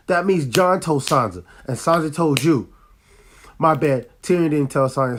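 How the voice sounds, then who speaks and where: A man with a fairly high-pitched voice recaps and reviews a TV episode in casual, slangy language. He gets excitable and loud when hyped, and sounds a bit sick, coughing now and then.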